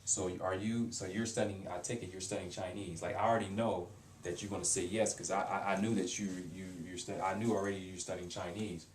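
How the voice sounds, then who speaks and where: A man with a lowish voice talks through a casual language lesson, stumbling and repeating himself with lots of fillers. He sounds set back from the mic, and the room around him is echoey, with a faint hiss underneath. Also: steady tone, distant mic. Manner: halting, repeats words, many fillers. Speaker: language teacher.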